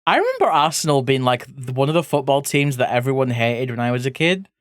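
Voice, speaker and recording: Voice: mid-range voice, very animated, fast, no room sound, studio quality. Chatty art streamer. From England (grew up in Leeds). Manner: chatty and playful, reading chat aloud, casual swearing. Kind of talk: casual chat with live viewers while drawing.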